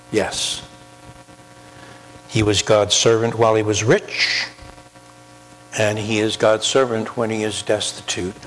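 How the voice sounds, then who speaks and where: A man preaching a sermon, emphatic, with slow drawn-out pauses and repeated key phrases. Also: medium pitch. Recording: long hall reverb with faint mains hum.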